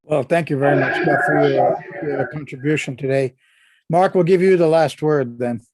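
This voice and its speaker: A man hosting an online panel discussion, thanking guests and posing questions in a measured way. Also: on the high side, darkish tone. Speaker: host.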